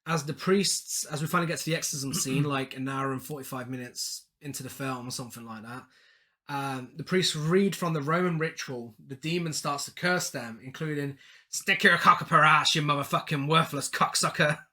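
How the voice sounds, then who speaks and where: A man's voice: medium pitch, normal speed, fairly bright tone. A man co-hosting a podcast, recapping a film's plot with laughing asides in casual chat. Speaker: podcast co-host.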